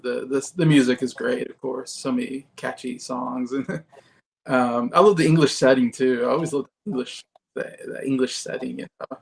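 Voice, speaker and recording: A man as a podcast guest, rambling in casual chat with many fillers and soft laughs. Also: mid-range voice, vocal fry, slight background noise.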